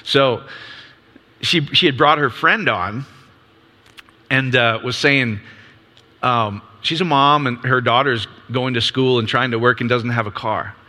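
Upbeat, bright-voiced preacher in his fifties. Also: medium pitch, unhurried, pauses often. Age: 50s. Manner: conversational, upbeat, asks rhetorical questions. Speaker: ministry leader. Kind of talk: casual sermon. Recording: long hall reverb.

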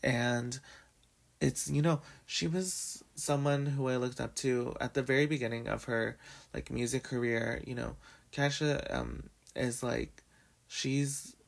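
A young adult man hosting his own show, his voice raspy from just waking up and heavily gravelly with fry. He talks at a middling pitch in a loose, chatty way, leaning on fillers as he tells his story. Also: steady tone, unhurried. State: raspy morning voice. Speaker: podcast host. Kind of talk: casual storytelling chat.

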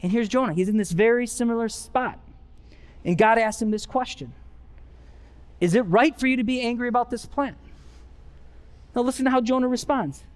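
A man's voice: very high voice, moderate pace, long pauses, clean tone. A pastor preaching a conversational sermon in church, with rising emphasis on his key points. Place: church sanctuary.

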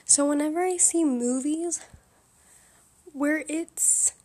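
A young woman talks through a solo podcast in a relaxed, chatty way. Her voice sits high, and she speaks frankly and with strong opinions, full of "like" and little laughs. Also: takes it slowly. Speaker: podcast host. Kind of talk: casual solo podcast chat.

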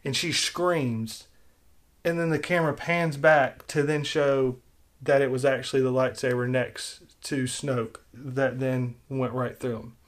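A man casually talking through his own rewrite of a film plot, opinionated and rambling, getting animated when he criticizes. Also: mid-range voice, a little slow. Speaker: film commentator.

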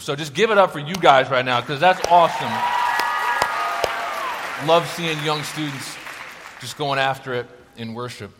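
A young man, a youth pastor, preaching to a crowd of students in an upbeat, joking, energetic way. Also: fairly high pitch. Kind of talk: youth sermon. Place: large worship hall. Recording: long hall reverb.

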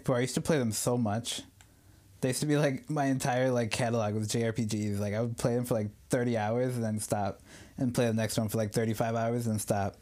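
A man's voice: mid-range voice, little pitch movement, a little fast, a little mellow. A young man in his twenties hosting a casual podcast, talking loosely with lots of swearing and frequent laughter. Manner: loose, profane, laughs often. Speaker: podcast host.

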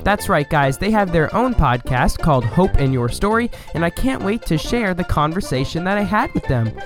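A man's voice: a little high, animated, moderate pace, over music. Playful young-sounding podcast host man. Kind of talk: casual podcast chat answering call-ins.

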